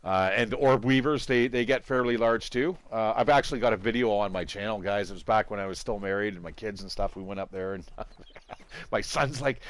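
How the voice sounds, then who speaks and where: A man's voice: lowish voice, moderate pace, no echo. A middle-aged man giving casual, rambling gameplay commentary, swearing and laughing a lot. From Southern Ontario, Canada. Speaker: gaming channel host.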